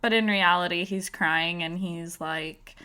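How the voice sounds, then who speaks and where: A woman's voice: fairly low pitch, steady tone, measured pace, pushed and bright, clear, resonant tone. A woman, hosting a casual podcast chat in a chatty, playful way and laughing easily. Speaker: podcast host.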